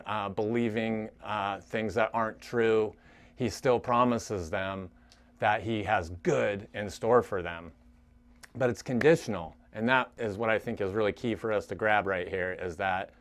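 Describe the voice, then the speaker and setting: A young adult man giving an earnest, halting church teaching talk to a recovery group. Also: fairly low pitch. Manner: earnest, halting, frequent restarts.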